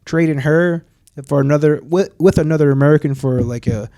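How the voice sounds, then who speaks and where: A man's voice: on the high side, brisk, dark tone, no room sound, studio quality. A man co-hosting a podcast, chatting casually and chiming in with jokes. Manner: jokey, chimes in with quips. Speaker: podcast co-host. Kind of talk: casual chat.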